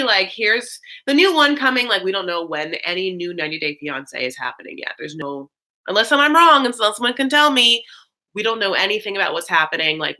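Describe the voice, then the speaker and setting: Young woman, bright forceful voice, slightly low pitch, rambling livestream chat, lots of "like" and "um". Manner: rambling, filler-heavy, effusive thanks to viewers. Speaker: host of a live recap stream.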